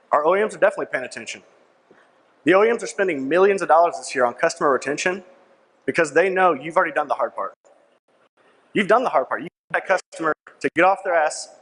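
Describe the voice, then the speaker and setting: Speaking on the high side with a fairly bright tone, a young man gives a punchy sales presentation to a crowd in a large conference hall. He repeats key lines to persuade and often asks "right?", and the recording carries the long reverb of a big hall.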